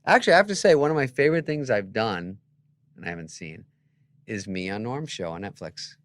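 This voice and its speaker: A middle-aged comedian telling stories in a casual chat, acting out the people he quotes with sudden loud jumps. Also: fairly low pitch, a little fast, no echo. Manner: animated, acts out quoted voices with loud jumps. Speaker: guest comedian.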